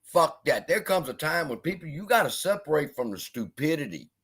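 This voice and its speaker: A man's voice: fairly high pitch, very animated, fairly quick, a bit bright, breathy edge. A man hosting a livestream, ranting in an angry, profane, heated way. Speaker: livestream host. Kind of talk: unscripted livestream rant.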